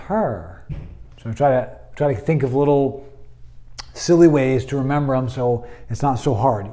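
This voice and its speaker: Slow, patient man teaching Hebrew grammar. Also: fairly high pitch, a little mellow. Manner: patient, explanatory, many fillers. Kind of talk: classroom lesson explaining grammar.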